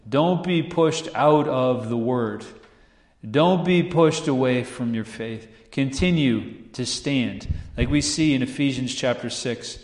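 Pastor, man, animated storyteller with rhetorical questions, roomy church sound. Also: fairly low pitch. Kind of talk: sermon. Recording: echoey room.

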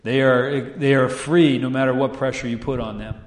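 Pastor, man, animated storyteller with rhetorical questions, roomy church sound. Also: mid-range voice, normal speed. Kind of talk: sermon. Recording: echoey room.

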